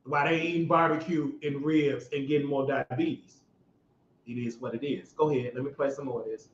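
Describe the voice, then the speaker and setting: A man hosting his own show, giving loud, mocking political commentary that rises to shouts when he gets worked up. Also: mid-range voice, steady tone, fairly quick, roomy sound, highs cut off. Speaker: show host.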